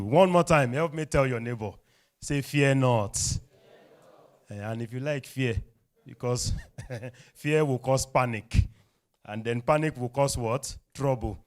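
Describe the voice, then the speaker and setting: Smooth, energetic Nigerian emcee man. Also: mid-range voice. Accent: Nigerian English. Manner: energetic crowd call-and-response. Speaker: event host. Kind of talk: lively event emceeing. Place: event hall.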